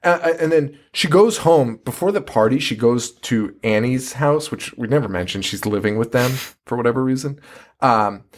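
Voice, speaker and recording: A man co-hosting a podcast recaps a film in loose, profane chat. He mocks it freely, and his pitch bounces around with lively animation. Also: normal speed. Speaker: podcast co-host. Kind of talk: casual chat recapping a movie.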